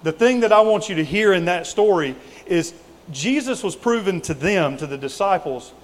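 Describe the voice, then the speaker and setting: A man's voice: high voice, expressive, normal speed. A man preaching a sermon in a conversational, folksy way, with casual asides to the congregation. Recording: reverberant hall.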